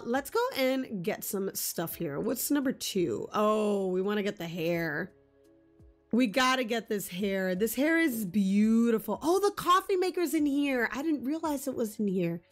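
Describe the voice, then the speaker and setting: A woman's voice: fairly high pitch, lively intonation, takes it slowly. A woman streaming a video game live, gushing and giggling as she chats with her viewers. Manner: bubbly, gushing and giggly, talking to chat. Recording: faint music behind.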